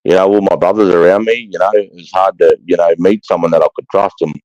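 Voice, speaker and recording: A man's voice: low-pitched, fairly even intonation, fast, a little mellow, no room sound, lo-fi sound. A man in his fifties with an Australian accent, rambling and swearing freely as he tells stories in a casual chat. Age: 50s. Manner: rambling, profane, blokey storytelling.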